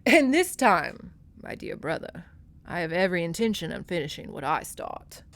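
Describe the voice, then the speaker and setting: Lady reading an evil duke, slow and quiet and creepy. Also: lowish voice, very animated. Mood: menacing. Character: cold scheming adult male duke, villainous.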